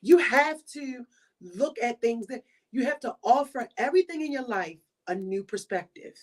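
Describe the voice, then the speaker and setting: A woman's voice: fairly high pitch, darkish tone. Emphatic woman podcast host, preaching. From Baltimore. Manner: preachy, emphatic, repeats points. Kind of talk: motivational monologue.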